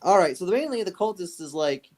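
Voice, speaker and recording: A man's voice: high voice, big pitch swings, quick pace, darkish tone. A man narrating as game master of a tabletop game, rambling and correcting himself as he goes.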